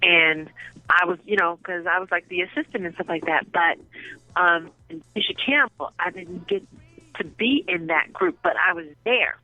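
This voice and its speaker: A woman with a bright, forceful voice tells raunchy stories in a casual interview, swearing freely and breaking into laughter. Her voice sounds dry and close to the mic, with faint music underneath. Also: on the low side, moderate pace, no room sound, poor audio. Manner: animated, profane, bursts into laughter. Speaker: interview guest. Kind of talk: casual storytelling.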